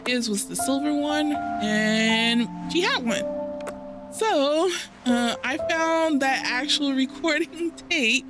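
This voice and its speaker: Chatty high-voiced woman over game music. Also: animated, slow pace. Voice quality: fairly high-pitched voice. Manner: rambling, laughs often, self-interrupting. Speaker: gaming channel host. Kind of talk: casual chatty let's play commentary. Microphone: home desk microphone.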